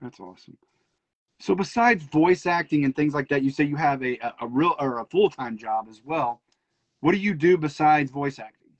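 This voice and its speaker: A man's voice: a little high, animated, moderate pace. Man hosting, dull lo-fi sound. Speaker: podcast host. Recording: dull lo-fi audio.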